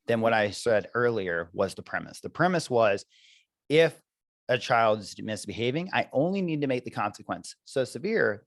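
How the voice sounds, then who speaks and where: A man's voice: medium pitch, no room sound. A man who coaches parents, talking earnestly and reflectively in a podcast conversation, with many fillers.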